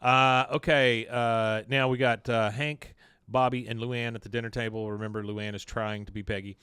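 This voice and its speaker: A male podcast host tells the story of an episode in a relaxed, chatty way and often slips into playful asides. His voice sits at an ordinary middle pitch. The recording is dry and close, with no room sound. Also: normal speed, clear, resonant tone, dry recording. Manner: animated storyteller, acts out quoted lines. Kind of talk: casual episode recap.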